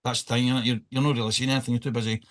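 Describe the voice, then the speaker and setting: A man's voice: mid-range voice, flat delivery, rapid-fire. A Scottish man hosting a podcast, joking and rambling in casual banter. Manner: joking, rambling, laughs often. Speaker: podcast host.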